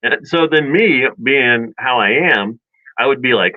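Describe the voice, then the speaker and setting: A man's voice: medium pitch, animated, unhurried, no echo, dull audio. A man co-hosting a radio show, telling a long rambling childhood story in casual chat and acting out family quotes. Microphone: studio microphone.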